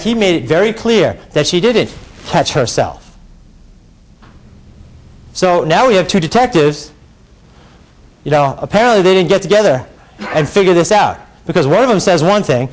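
High-voiced lawyer arguing to a jury. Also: male voice. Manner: rhetorical, repeated questions to the jury; dramatic shifts between quiet and raised voice. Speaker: defense lawyer. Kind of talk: courtroom closing argument. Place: courtroom.

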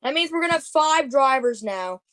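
Bossy high-voiced woman. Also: lively intonation, moderate pace, fairly bright tone, no echo. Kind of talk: casual gaming voice chat.

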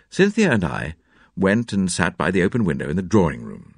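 Low, animated male storyteller. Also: a little fast, vocal fry, breathy edge, no echo, clean studio sound. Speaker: narrator. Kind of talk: audiobook narration.

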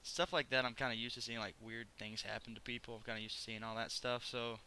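A man's voice: mid-range voice, fairly even intonation, quick pace, pushed and bright, clean tone. A man talking in character in a roleplay game chat, easygoing and rambling, often trailing off.

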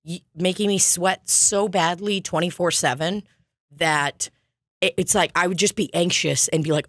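A woman's voice: fairly low pitch, brisk, fairly bright tone, dry recording, clean studio sound. A young woman hosting a podcast, chatting casually in a rambling, profane and jokey way. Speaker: podcast host. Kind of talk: casual chat.

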